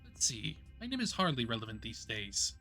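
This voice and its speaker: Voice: mid-range voice, sing-song, moderate pace, bright, forceful tone, faint music behind. A game streamer voicing a polite, old-fashioned male zombie mastermind while reading a visual novel aloud. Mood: courtly.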